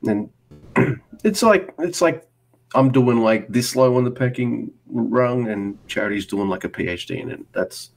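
A man's voice: medium pitch, expressive, a little slow, gravelly. A man with an Australian accent co-hosting a podcast, chatting casually and rambling through a story, swearing freely. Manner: rambling, swears freely, acts out both sides of conversations. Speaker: podcast co-host. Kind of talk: casual chat.

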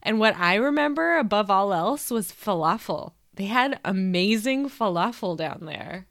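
A woman's voice: mid-range voice, expressive, unhurried, creaky, a bit bright, no room sound, studio quality. A woman co-hosting a podcast in casual chat, self-deprecating and giggly. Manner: self-deprecating, giggly, tries silly accents. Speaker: podcast co-host.

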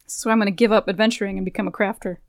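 A woman in her thirties co-hosting a podcast, recapping a game in animated, profane storytelling. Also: medium pitch, racing, gravelly. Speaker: podcast co-host. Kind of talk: casual game recap chat.

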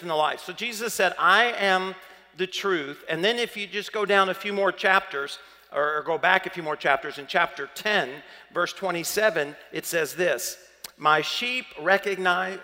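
A man's voice: high-pitched, moderate pace, sharp tone, big-room sound. A man with a Southern accent preaching a sermon as pastor, chatty and playful, quizzing the congregation.

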